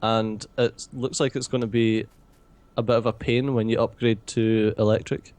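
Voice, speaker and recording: A man's voice: lowish voice, level tone, normal speed, a little mellow, no echo. Dry-witted Glaswegian man. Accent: Glaswegian Scottish. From Scotland. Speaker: co-player. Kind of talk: casual gaming chat.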